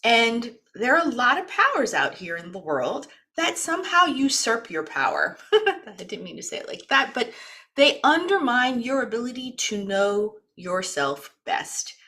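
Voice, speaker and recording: A woman's voice: fairly high pitch, very animated, a little slow, sharp tone. A woman from the East Coast of the United States hosting a wellness program, chatty and talkative, introducing her guest in a casual live session. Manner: chatty, talkative, laughs often.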